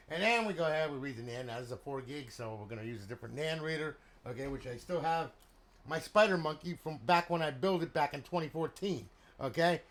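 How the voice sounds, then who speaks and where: A man's voice: a little high, fast talker, a bit bright. A middle-aged man from New Jersey with a New Jersey accent, talking bluntly and rambling on a casual livestream while he shows off a console he modded and sells.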